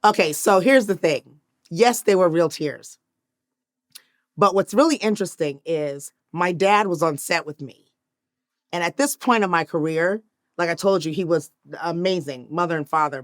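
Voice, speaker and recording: A woman in her fifties, an actress, telling a story in an interview and acting out the voices of the people in it, moving between hushed and loud moments. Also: fairly low pitch, no echo, studio quality. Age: 50s.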